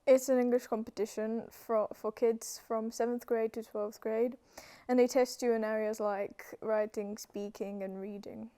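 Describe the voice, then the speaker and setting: Romanian teen girl, romanian native, kinda high and warm voice, shy thoughtful answers. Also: level tone, unhurried. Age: teenager. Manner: soft-spoken, hesitant, thoughtful. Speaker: student guest. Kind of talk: casual interview.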